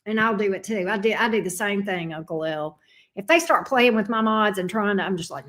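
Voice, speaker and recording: A woman's voice: mid-range voice, expressive, a little fast, fairly bright tone. A middle-aged woman hosting a livestream, chatting casually and bluntly with viewers and swearing freely. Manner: blunt, profane and sassy. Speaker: tarot reader and livestream host. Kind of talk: casual livestream chat reading viewer comments.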